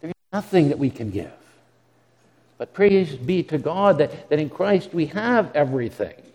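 A pastor's fairly high, slightly mellow voice rises and falls in a sing-song way at normal speed as he preaches earnestly. Words get repeated whenever he restarts, and he uses dramatic quoted asides. The sound carries a long hall reverb.

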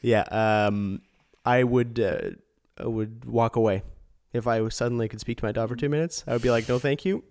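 A man's voice: mid-range voice, steady tone, normal speed, a little mellow. A man from Canada co-hosting a podcast in casual chat, laughing often and poking fun at himself. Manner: laughs often, self-deprecating. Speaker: podcast co-host.

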